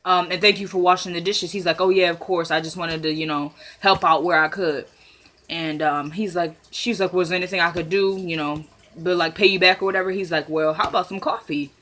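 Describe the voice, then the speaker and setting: A woman chatting casually as she recaps a TV episode, retelling scenes with quick voiced quotes. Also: on the low side, sharp tone. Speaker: TV recap vlogger.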